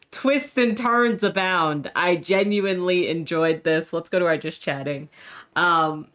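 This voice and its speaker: Chatty woman streamer, lower-pitched voice. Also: a bit bright. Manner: upbeat, chatty, greets viewers. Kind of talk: casual game-stream chat.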